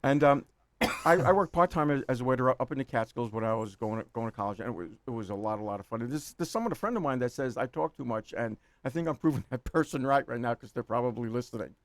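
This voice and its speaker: A man's voice: medium pitch, expressive, fast talker. A man in his sixties from New York City with a New York accent, rambling as a guest in a casual chat, laughing often and repeating words.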